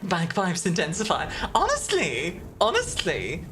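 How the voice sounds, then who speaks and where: Deep-voiced, giggly woman streamer from Belgium. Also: huge pitch swings, a little slow, hardly any pauses, slight background noise. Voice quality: deeper voice. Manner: giggly, warm toward chat, chatty. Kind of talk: casual live-stream chat with viewers. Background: background music.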